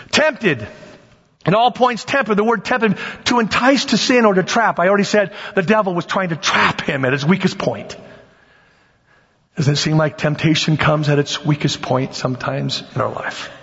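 A man preaching an animated sermon as pastor, swinging between loud bursts and quiet asides. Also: sits high, moderate pace, gravelly, pauses often. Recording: dull lo-fi sound with long hall reverb.

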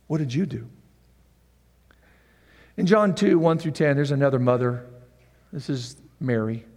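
A man's voice: mid-range voice, measured pace, darkish tone, long reverb tail. A man preaching a sermon in a conversational way who acts out the scenes. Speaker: pastor.

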